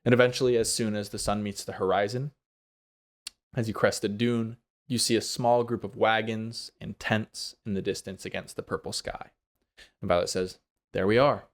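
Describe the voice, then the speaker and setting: A man narrating a tabletop game as game master, relaxed and quick to laugh. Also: fairly low pitch.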